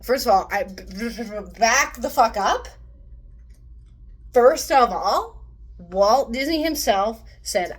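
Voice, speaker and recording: A woman's voice: a little high, expressive, slow, breathy edge. A young woman vlogging a casual movie review rant. She swears freely and acts out quotes in mocking voices.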